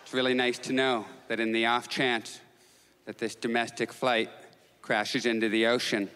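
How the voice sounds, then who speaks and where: A man performing a stand-up comedy set, telling neurotic, self-mocking stories and jumping into high excited outbursts. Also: normal speed, a little hiss or hum. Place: stage in a comedy club with audience. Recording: live club recording with long reverb, faint crowd.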